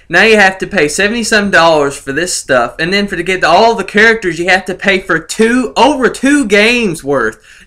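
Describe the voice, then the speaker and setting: A man's voice: high-pitched, animated, moderate pace, hardly any pauses, pushed and bright. A young man ranting sarcastically about a video game, gloating and laughing in disbelief as he talks to his viewers. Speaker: gaming vlogger.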